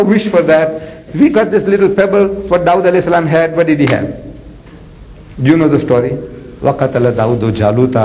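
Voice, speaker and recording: A man giving a lively storytelling lecture as an Islamic preacher, chatty with many asides. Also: mid-range voice, a little hiss or hum, low-quality recording. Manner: animated, conversational, with frequent "you know" asides and acted voices.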